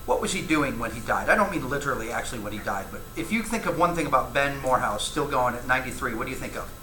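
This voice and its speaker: A man's voice: medium pitch, lively intonation, quick pace, crowd noise. A man teaching a church Bible class, talking with the class, asking questions and reading scripture aloud. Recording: echoey room, faint ambience.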